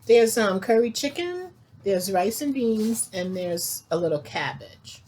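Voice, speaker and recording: A woman's voice: medium pitch, lively intonation, a little slow, a little mellow, slight background noise. A woman from Virginia Beach joining a casual food tasting as a playful, joking guest. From Virginia Beach, United States. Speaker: guest taster. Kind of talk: casual chat.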